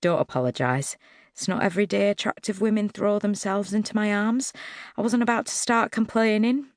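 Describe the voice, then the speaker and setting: A woman's voice: medium pitch, a little fast, dry recording, studio quality, voice pushed up, natural voice. A woman voicing a cheeky, friendly young man in his late twenties, easygoing and teasing, in an audiobook. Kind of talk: audiobook character dialogue.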